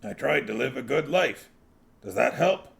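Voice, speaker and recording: A man's voice: mid-range voice, animated, normal speed, gravelly, fairly bright tone. A man reading aloud, voicing Bjorn, a newly dead male dwarf, in a plain, mildly puzzled way. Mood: bewildered. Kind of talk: audiobook reading.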